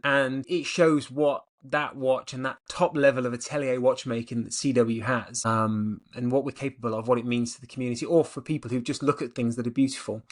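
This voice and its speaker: Brand director, man, mid-pitched, casual and enthusiastic, talks in long excited runs. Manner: enthusiastic, rambling, energetic. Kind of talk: casual interview answers.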